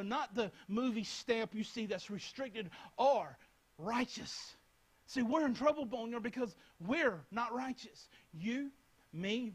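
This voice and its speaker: A man's voice: very high voice, breathy edge, poor audio. A young man preaching a Bible lesson, speaking earnestly and repeating phrases as he addresses his listeners directly. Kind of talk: Bible teaching talk.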